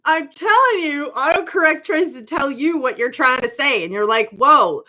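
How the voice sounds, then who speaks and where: A woman's voice: sits high, expressive, normal speed, pushed and bright. A woman hosting a casual livestream, chatting with viewers by name, laughing often, with a slight accent. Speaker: livestream host. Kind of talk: casual live chat reading comments. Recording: dull lo-fi livestream audio.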